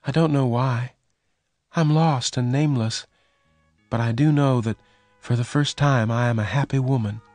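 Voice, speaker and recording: A man voicing a gentle young woman in a read-aloud story, speaking softly and earnestly in a raised voice. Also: normal speed, dry recording, natural voice. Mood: tender. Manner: soft, earnest, pitched well above his own voice.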